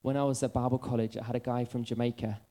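Animated storytelling male preacher. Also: medium pitch, fast. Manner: animated storytelling, drifting into soft earnest appeals. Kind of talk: sermon.

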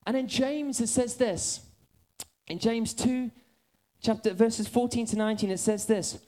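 Animated storytelling male preacher. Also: very high voice, measured pace. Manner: animated storytelling, drifting into soft earnest appeals. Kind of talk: sermon.

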